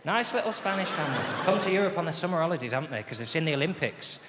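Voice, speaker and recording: A man's voice: a little high, expressive, very fast. A man doing stand-up, mocking and bantering with the crowd. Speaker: stand-up comedian. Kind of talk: stand-up routine. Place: comedy stage. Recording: echoey hall, loud background noise.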